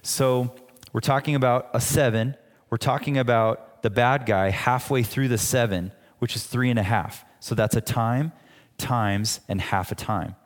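A man's voice: medium pitch, measured pace. A man preaching a sermon as pastor, teaching in a conversational way with frequent restarts. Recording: long hall reverb.

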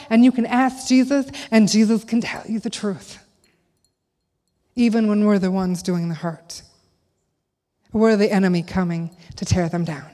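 Woman preaching in a reverberant church hall. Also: a little high. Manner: candid, animated storytelling, acts out her own lines. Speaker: speaker at a church service. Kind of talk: sermon with personal storytelling.

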